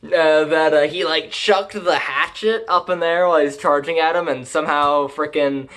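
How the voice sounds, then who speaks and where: A man's voice: fairly high pitch, fairly even intonation, moderate pace, a bit bright. A young man recapping an anime in a casual, rambling and crude manner, joking as he goes. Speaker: anime reviewer.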